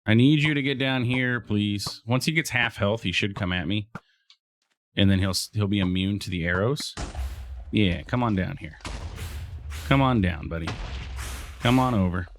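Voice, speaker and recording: A man's voice: lowish voice, moderate pace, long pauses, a little hiss or hum. A man casually commentating his own gameplay, chatting to the creatures on screen and trailing off into fillers and restarts. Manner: chatty, talks to game mobs, frequent fillers and restarts. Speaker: let's play host.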